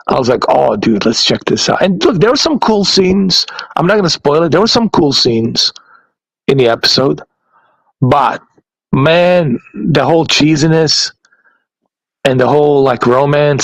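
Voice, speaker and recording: A man's voice: medium pitch, dry recording, poor audio. A man hosting a podcast in a casual, blunt rant, swearing heavily and laughing at his own points. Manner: heavy swearing, blunt and exasperated, laughs often. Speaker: podcast host.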